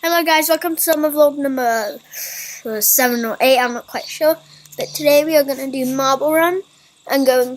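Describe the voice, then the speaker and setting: High-pitched young vlogger girl. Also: normal speed, a little hiss or hum, low-quality recording. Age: child. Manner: chatty, rambling with restarts. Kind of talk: casual family vlog. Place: garden outdoors.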